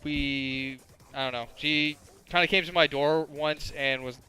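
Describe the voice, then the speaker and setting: A man's voice: on the high side, steady tone, a little slow, sharp tone, smooth, soft background music. A man in his twenties telling crude, rambling stories as casual gameplay commentary, full of filler words. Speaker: gaming commentator.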